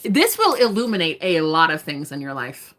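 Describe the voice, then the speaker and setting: A woman's voice: deep voice, sing-song, moderate pace, a bit bright. A young woman giving live-stream tarot readings, chatting casually, swearing freely and laughing often. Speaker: tarot reader.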